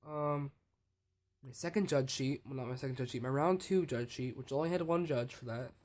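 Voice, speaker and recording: A teenage male student talking casually to camera, rambling with restarts and fillers and often trailing off quietly. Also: medium pitch, moderate pace. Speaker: student speech competitor. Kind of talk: casual vlog talk.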